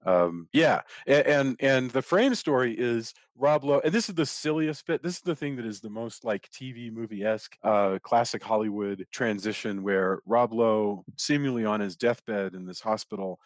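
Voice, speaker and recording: A man's voice: medium pitch, normal speed, hardly any pauses, dry recording, studio quality. A middle-aged man hosting a podcast, talking through a film in a rambling way, often restarting and repeating words. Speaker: podcast host. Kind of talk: casual film discussion.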